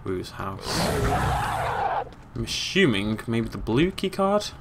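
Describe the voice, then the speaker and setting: A British man commentates his gameplay in a casual, joking way, talking back to the game and breaking into high squeaky noises. His pitch swings widely as he chats. The recording carries a clear layer of background noise. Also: sing-song, slow pace. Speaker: let's play host.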